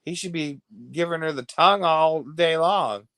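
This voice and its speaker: A man's voice: a little high, normal speed, dry recording. Chatty gossiping American man, dry sound. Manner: chatty, gossipy, laughs often, swings from hushed to loud. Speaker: livestream host. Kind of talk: casual chat reacting to viewer comments.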